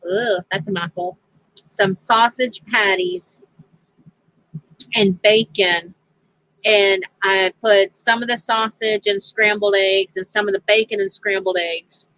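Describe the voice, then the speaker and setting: A woman's voice: medium pitch, pushed and bright, no echo, rough recording. A woman telling a casual story on her crafting channel, chatty and laughing often as she quotes others.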